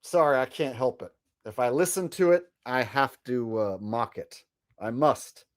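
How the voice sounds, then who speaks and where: A woman's voice: a bass voice, unhurried. A woman commenting on video clips in a sarcastic, profane way.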